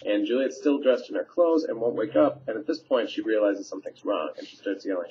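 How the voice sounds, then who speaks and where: A teacher talks students through a play scene in a relaxed, conversational way. His man's voice sits on the low side. The recording is dull and lo-fi, as from a webcam microphone. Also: brisk, slight background noise. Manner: conversational, paraphrasing lines with fillers. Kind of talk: casual scene summary for students. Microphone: webcam mic.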